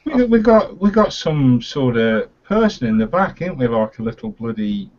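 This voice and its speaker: A man's voice: medium pitch, big pitch swings, normal speed, a little mellow, a little hiss or hum. Easygoing man on a dull video call. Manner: matter-of-fact, helps others with the call setup. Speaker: panelist on a home-brewing online hangout. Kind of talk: casual chat on a group video call.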